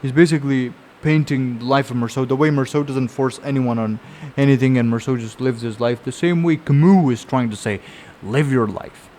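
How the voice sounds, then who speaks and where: A man's voice: medium pitch, fairly quick, few pauses, a little mellow, slight background noise. A man casually summarizing and reflecting on a novel, talking in a loose, rambling way. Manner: rambling, conversational storytelling with frequent fillers and restarts. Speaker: book reviewer. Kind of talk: casual spoken book summary.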